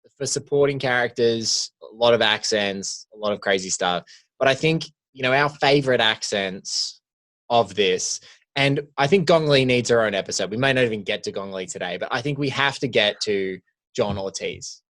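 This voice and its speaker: A man's voice: medium pitch, normal speed. Rambling, enthusiastic man. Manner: rambling, enthusiastic, trails off softly. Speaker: podcast co-host. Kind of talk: casual chat.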